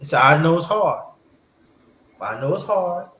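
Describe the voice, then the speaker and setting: A slightly high-voiced man tells a family story in a loose, rambling way, doubling up his words and slipping into his relatives' voices. He sounds like he's in an echoey room, with a faint hiss behind him. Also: expressive, a little slow, a bit bright. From New York. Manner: rambling, repeats words, acts out family members' lines. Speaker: host telling a family story. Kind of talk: casual storytelling to a live audience.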